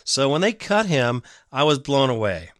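Male podcast host ranting about his team; bright, sharp tone, dry recording, blunt and rambling. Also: medium pitch, very animated, normal speed, no echo. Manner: emotional, blunt, rambling opinionated fan talk. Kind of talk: fan sports podcast commentary.

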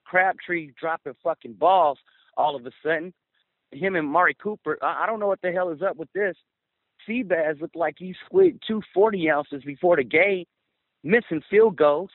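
A man's voice: on the high side, moderate pace, no room sound. A man calling in to a fan radio show, swearing and fired up about the game. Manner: profane, fired up. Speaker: caller. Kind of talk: angry fan call-in rant. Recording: tinny phone line.

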